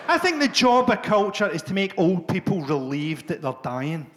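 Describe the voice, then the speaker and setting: Brief: profane Scottish stand-up comic with a high voice, deadpan delivery and quick jabs at the crowd. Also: male voice, slight background noise. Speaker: stand-up comedian. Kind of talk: stand-up comedy set. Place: live comedy venue.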